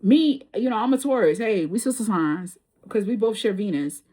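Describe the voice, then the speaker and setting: A woman's voice: mid-range voice, expressive, moderate pace, warm tone. A woman doing a tarot reading, telling a personal story in casual, slangy speech and laughing often. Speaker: tarot reader.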